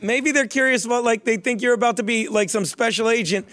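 A man hosting an improvised comedy interview, questioning in a teasing, deadpan way. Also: extremely high pitch, a little fast.

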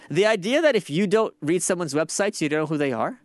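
Male podcast host, sardonic ranter, swears freely, slightly high voice, dry close mic. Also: brisk, hardly any pauses, no echo. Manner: sardonic, profane, animated rants. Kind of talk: casual commentary.

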